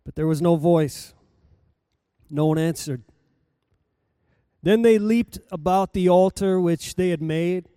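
A pastor welcoming his church and reading a Bible passage aloud, his voice rising for the calls and dropping low between them. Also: takes it slowly, pauses often, mellow, clear, resonant tone, no room sound, studio quality. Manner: dramatic reading, voice rising and falling with the story. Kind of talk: sermon scripture reading.

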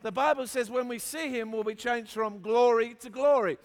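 An Australian pastor with a high-pitched voice preaches to a church crowd, mixing humor with emphatic, repeated build-ups. His words carry a long reverb from a large hall. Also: normal speed. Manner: storytelling with humor, emphatic repetition. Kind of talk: sermon.

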